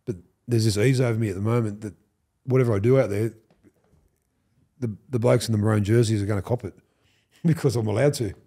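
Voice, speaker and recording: A man's voice: on the low side, brisk, slightly rough. An Australian man in his fifties, a former footballer, telling stories as a podcast guest and acting out the quoted people. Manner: animated storyteller who acts out quotes, swears and laughs. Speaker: podcast guest, former rugby league player. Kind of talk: casual storytelling chat.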